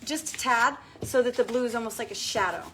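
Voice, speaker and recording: A woman's voice: on the high side, fairly quick, a bit bright, slight background noise. Chatty woman crafting on camera. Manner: chatty, talks to viewers and her child while working. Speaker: craft video host. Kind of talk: casual crafting tutorial chat.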